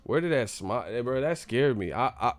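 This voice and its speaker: A young adult man hosting a boxing live stream, ranting in an animated, profane, rambling way. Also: mid-range voice, a little fast, no room sound. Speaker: boxing channel host.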